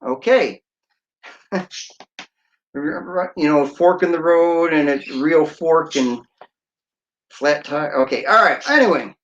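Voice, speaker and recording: A man's voice: on the high side, takes it slowly, long pauses, a bit bright, lo-fi sound. A man, a radio DJ, hosting a casual livestream, talking in a jokey, playful way. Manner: jokey, playful, breaks into sung snippets and laughs.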